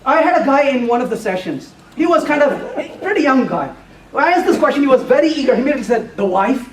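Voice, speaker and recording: A man giving a technical talk with live coding to a user group, animated and playful, now and then putting on a mock voice for the compiler. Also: very high-pitched, fast talker, slight background noise. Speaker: conference speaker. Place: lecture room at a user group meeting. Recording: echoey room, voice from far off.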